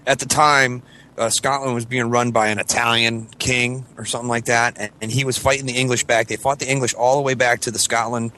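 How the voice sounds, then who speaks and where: A man's voice: mid-range voice, level tone, a little fast, pushed and bright, a little hiss or hum. A man in his thirties telling a story on a casual podcast, rambling and swearing, acting out voices from the story. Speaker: podcast co-host.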